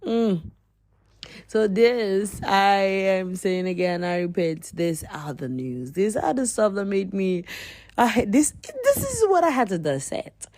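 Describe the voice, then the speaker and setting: A woman giving comedic commentary on the news, animated and exclaiming, rambling and repeating herself as she riffs. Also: mid-range voice, slow pace, dry recording. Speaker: podcast host.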